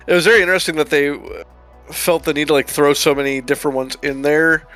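A man's voice: on the high side, fairly even intonation, fast, fairly bright tone, faint music behind. A man co-hosting a podcast, chatting casually about a movie and often restarting his sentences as he hesitates. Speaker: podcast co-host.

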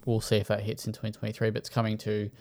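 Man with a gravelly low voice. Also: rapid-fire. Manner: relaxed, runs through news items with filler words. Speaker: podcast host. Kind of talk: casual chat.

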